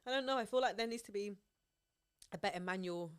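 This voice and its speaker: A woman's voice: mid-range voice, quick pace, smooth, no echo, clean studio sound. A young woman, chatting on a podcast and telling stories with lots of laughter. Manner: animated storytelling, laughs often. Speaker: podcast co-host. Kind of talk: casual chat.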